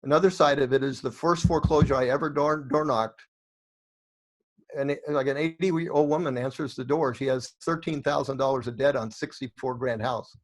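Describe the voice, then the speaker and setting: A middle-aged man speaks at an ordinary, mid-range pitch as an interview guest. He tells his stories with energy and slips into the voices of the people in them, with quick restarts along the way. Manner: animated storyteller acting out quoted dialogue. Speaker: guest, real estate investor. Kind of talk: storytelling interview answers.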